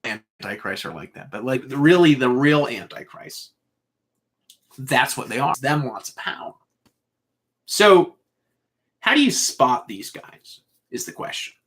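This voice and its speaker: A man's voice: mid-range voice, very animated, a little slow, long pauses, a bit bright. A man telling a long personal story in a loose, meandering way, full of "like" and "uh". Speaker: speaker sharing a spiritual vision.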